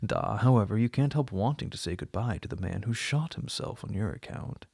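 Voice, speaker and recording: A man's voice: fairly low pitch, animated, creaky, a little mellow, slightly rough, no room sound, studio quality, exaggerated voice. A man reading as an agitated young noblewoman. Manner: rapid, tense.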